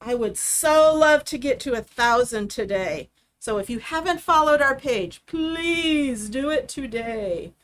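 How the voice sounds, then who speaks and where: A woman's voice: high voice, lively intonation, measured pace. A woman hosting a live craft demonstration, walking through each step in a chatty, explaining way. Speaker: craft host.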